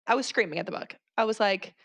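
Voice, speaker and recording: A woman co-hosting a podcast, talking casually and with animated, exasperated asides. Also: mid-range voice, quick pace, gravelly, no room sound. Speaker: podcast co-host. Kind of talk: casual book discussion.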